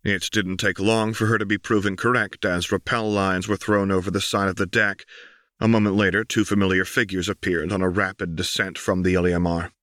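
A male audiobook narrator with a lowish, bright, forward voice reads the story in a measured, deliberate way. The sound is dry and close, with no room around it. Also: little pitch movement, dry recording. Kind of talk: scripted narration of fan fiction.

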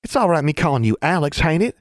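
A man's voice: fairly high pitch, sing-song, fast, no echo, studio quality, pitched above the performer's own voice. A man voicing a brash young Southern witch girl with a gushing, folksy drawl. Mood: eager.

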